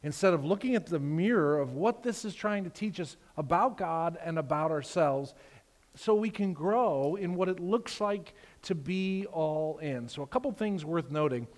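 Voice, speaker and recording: A man's voice: a little high, moderate pace. Man preaching in a reverberant hall. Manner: animated storytelling, acts out characters. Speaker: pastor. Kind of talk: sermon. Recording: long reverb of a large hall.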